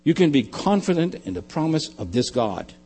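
A man preaching a sermon, emphatic and repetitive, often dropping to a quiet low. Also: very animated, moderate pace. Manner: emphatic, repeating phrases, dropping to quiet lows.

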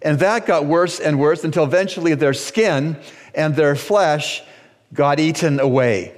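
Slow Bahamian pastor preaching in a reverberant church. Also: male voice, fairly high pitch. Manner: slow, deliberate preaching with dramatic pauses and shouted quotes. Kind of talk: sermon. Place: church sanctuary.

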